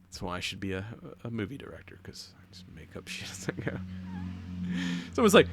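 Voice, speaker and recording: A man's voice: fairly low pitch, lively intonation, brisk, a bit bright, a little hiss or hum. A man co-hosting a podcast, chatting casually and retelling movie scenes with lots of swearing and laughter. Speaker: podcast co-host. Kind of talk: casual chat.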